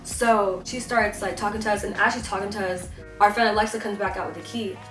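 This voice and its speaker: A teenage girl, telling an animated storytime rant, full of fillers and swinging into voices for the people she quotes. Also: medium pitch, fairly quick. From South Carolina. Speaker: vlogger. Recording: echoey, voice a bit far from the mic, faint music.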